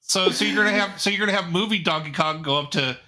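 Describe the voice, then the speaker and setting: A man's voice: high-pitched, quick pace, bright, forceful tone. A man co-hosting a podcast in casual chat, telling jokey meandering stories with many restarts. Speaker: podcast co-host.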